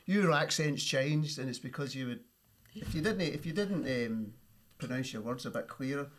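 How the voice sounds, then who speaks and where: A man chatting casually on a radio show, relaxed and anecdotal. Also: medium pitch, moderate pace. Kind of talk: casual chat.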